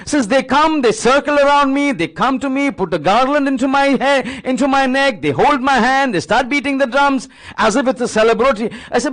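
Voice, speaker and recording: A man's voice: extremely high pitch, expressive, fairly quick, few pauses, fairly bright tone. A man giving a sermon, retelling a religious story with dramatic repetition and acted-out dialogue. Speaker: religious speaker.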